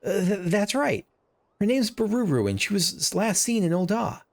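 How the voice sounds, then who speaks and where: A man's voice: high-pitched, very animated, moderate pace, gravelly, faint music behind, pitched above the performer's own voice, exaggerated voice. A man voicing a small, eager male moogle companion while reading game dialogue aloud, in a raised, earnest voice. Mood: anxious.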